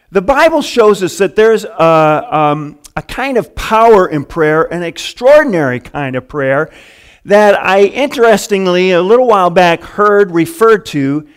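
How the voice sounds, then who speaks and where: A man's voice: a little high, clean tone. A middle-aged male pastor preaching a casual, chuckling sermon full of fillers and restarts.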